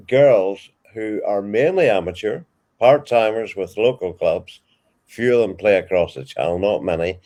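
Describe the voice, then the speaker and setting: Older Northern Irish man, deep voice, animated anecdotal storyteller. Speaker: interviewee, veteran sports commentator.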